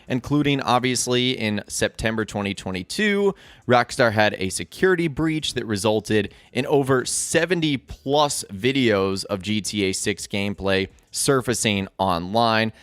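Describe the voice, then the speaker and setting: A man's voice: medium pitch, a little slow, a bit bright, clean tone, no echo. A man talking straight to viewers in a scripted gaming news video, upbeat and direct.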